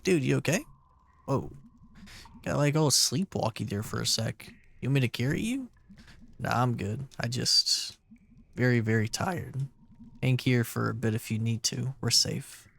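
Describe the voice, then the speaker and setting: A man streaming a game, reading its dialogue aloud slowly and quietly, with playful asides in between. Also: mid-range voice, gravelly. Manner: slow and subdued when reading, with playful asides. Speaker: let's play streamer.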